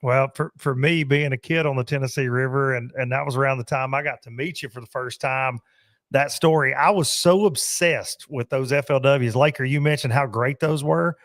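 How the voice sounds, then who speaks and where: A man's voice: mid-range voice, normal speed, fairly bright tone, dry recording, clean studio sound. A man hosting a podcast, talking with enthusiasm as he looks back on old tournaments. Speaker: podcast host. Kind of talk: casual chat.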